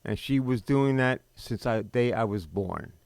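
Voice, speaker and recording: A middle-aged man hosting a podcast, telling a personal story in a blunt, bitter, emphatic way with sudden pauses. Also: fairly low pitch, expressive, vocal fry, darkish tone, no room sound. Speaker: podcast host.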